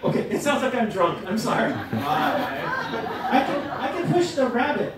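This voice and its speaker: A man leading a teaching workshop, lively and joking as he demonstrates to the audience. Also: high voice, unhurried, a loud crowd. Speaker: workshop presenter. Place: lecture room. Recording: echoey hall from a distance, noisy.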